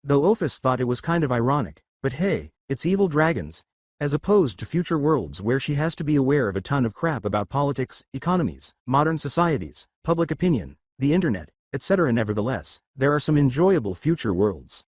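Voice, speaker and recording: A man reading a fan story aloud as its narrator, in a steady storytelling way. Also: medium pitch, brisk, no echo, clean studio sound.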